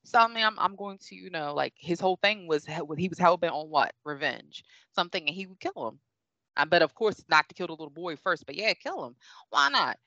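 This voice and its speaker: Rambling lower-voiced woman reviewer. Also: animated, brisk, bright, forceful tone, no echo. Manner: rambling, laughs often, self-correcting. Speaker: show reviewer. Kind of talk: casual review chat. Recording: dull, dry sound.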